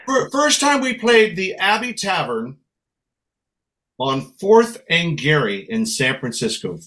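A middle-aged American man, a musician guest, spins stories in a relaxed chatty way. His voice sits a little high for a man and swings widely in pitch as he goes. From United States. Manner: animated storyteller slipping into Irish brogue for quotes. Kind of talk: casual storytelling chat.

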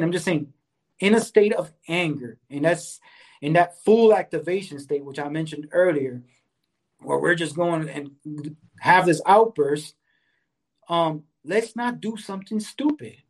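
A man's voice: fairly high pitch, unhurried, a little mellow. A man co-hosting a casual talk about anger who talks earnestly and keeps checking in with "right?" and "you know". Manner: enjoys exercise, speaks of fitness. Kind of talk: casual conversational advice.

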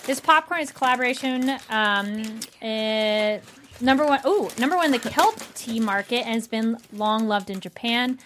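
A woman's voice: on the high side, expressive, moderate pace, fairly bright tone, slight background noise. A woman hosting a casual after-show chat and reading a sponsor segment, with lots of fillers. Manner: chatty, with many fillers and hesitations. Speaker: host.

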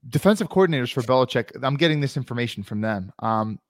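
A man's voice: mid-range voice, expressive, quick pace, dry recording, studio quality. A man co-hosting a sports podcast in casual chat, arguing his points at length. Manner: argumentative, explains at length. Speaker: podcast co-host.

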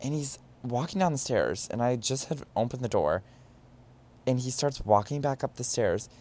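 A man's voice: mid-range voice, animated, normal speed, darkish tone. A young man hosting a podcast, telling a personal story in a candid, profane way with dramatic exclamations. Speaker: podcast host. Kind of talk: casual storytelling monologue.

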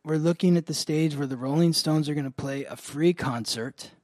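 A man's voice: a little high, moderate pace, a little mellow, no room sound. A man hosting an astrology podcast, telling a story in a casual, rambling way full of fillers. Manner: rambling, many "like" fillers, laughs often.

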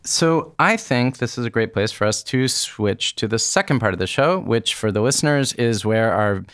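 A man co-hosts a podcast in relaxed, reflective chat and laughs easily. His voice is smooth and resonant. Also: medium pitch, normal speed. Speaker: podcast co-host.

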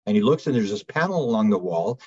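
A man being interviewed as a guest researcher, telling stories in a rambling, animated way with many restarts. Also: lowish voice, fast, slightly rough, muffled recording. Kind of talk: casual storytelling interview.

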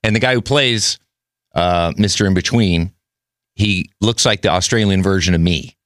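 A man's voice: sits low, moderate pace, a bit bright, no echo. A man hosting a casual podcast interview, rambling and restarting his questions into a close studio mic. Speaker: podcast host.

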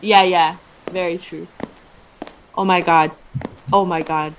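A young woman chatting while watching a friend play a horror game, jittery and quick to squeal with laughter. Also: fairly low pitch, steady tone, a little hiss or hum, low-quality recording. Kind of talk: casual gaming chat.

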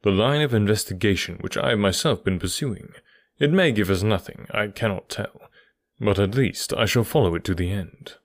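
A man doing a crisp, self-assured detective. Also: lowish voice, moderate pace, no room sound, studio quality. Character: confident, brisk Victorian detective. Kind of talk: audiobook dialogue reading.

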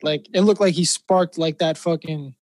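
A man co-hosting a podcast, excitable and filling his talk with "like". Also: on the high side, normal speed. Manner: excitable, peppers speech with "like". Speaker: podcast co-host. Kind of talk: casual chat.

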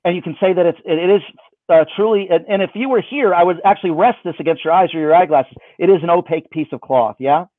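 This man's voice is high-pitched and quick as he does magic for a viewer on a video call. His patter is playful and pokes fun at himself, and the sound is dry with a phone-like band.

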